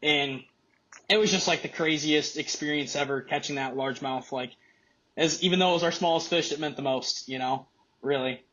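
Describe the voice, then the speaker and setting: An excited young man tells a long story in casual podcast chat, full of fillers and restarts. His voice sits a little high. The recording sounds slightly dull. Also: moderate pace. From Michigan. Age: young adult. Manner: excited, rambling, many fillers. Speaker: college angler guest.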